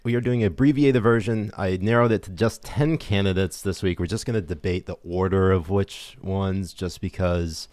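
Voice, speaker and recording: A man speaking as a podcast guest in casual chat, deadpan and sarcastic. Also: deep voice, normal speed, hardly any pauses, no echo.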